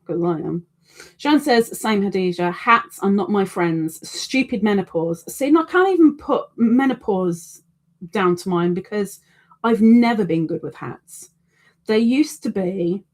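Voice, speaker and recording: A woman's voice: medium pitch, lively intonation, measured pace, darkish tone. A middle-aged woman hosting a crochet live stream, chatting casually and self-deprecatingly, reading out viewer comments.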